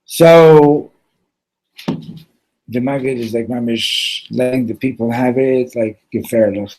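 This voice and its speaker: A man's voice: mid-range voice, slow pace, darkish tone, a little hiss or hum, poor audio. A man teaching a Torah class in a loose, conversational way, telling stories and mixing in Hebrew terms.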